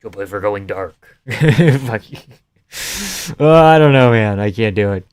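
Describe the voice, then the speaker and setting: A man's voice: lowish voice, expressive, a little slow, clear, resonant tone, no room sound, studio quality. A man hosting a live stream from a home setup, chatting casually and reading out viewer comments with jokes and casual swearing.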